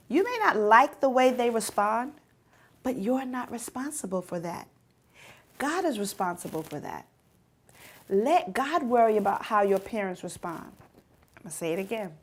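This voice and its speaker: A woman teaching a youth ministry lesson, with a fairly high voice. She talks straight to the teens and says each main point twice so it sticks. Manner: emphatic, repeats key points; direct, addresses teens.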